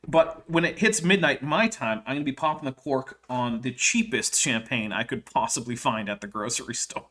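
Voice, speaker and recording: A man's voice: medium pitch, pushed and bright. A man hosting a casual livestream, joking and reading a text aloud with chatty asides. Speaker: host.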